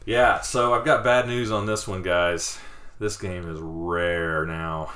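Man, bright tense tone, lower pitch, enthusiastic casual co-host. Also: fairly even intonation, takes it slowly. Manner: enthusiastic, gushing. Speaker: podcast co-host. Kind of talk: casual board game review chat.

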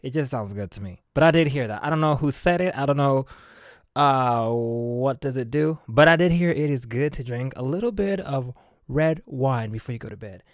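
The sound is clean studio audio with no echo as a podcast host talks alone at a moderate pace. His medium-pitched voice is animated, and his playful, sassy, diva-ish chatter comes with frequent laughter.

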